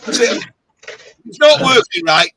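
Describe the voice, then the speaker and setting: A man's voice: extremely high pitch, lively intonation, unhurried, noisy background. A man hosting a casual livestream chat, rambling and jokey as he gets a little tipsy. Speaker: host.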